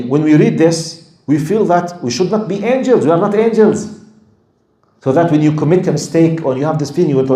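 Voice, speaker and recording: Animated male lecturer. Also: on the high side, reverberant. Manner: animated storytelling, acts out quoted lines, laughs with audience. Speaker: Islamic lecturer. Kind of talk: religious lecture.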